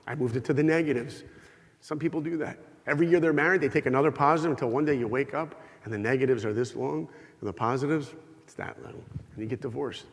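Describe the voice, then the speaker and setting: A middle-aged man giving a humorous, storytelling talk to a live audience, acting out bits of dialogue as he goes. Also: a little high. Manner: animated, humorous, acts out dialogue. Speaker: speaker giving an inspirational talk. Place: large hall with an audience. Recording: long hall reverb.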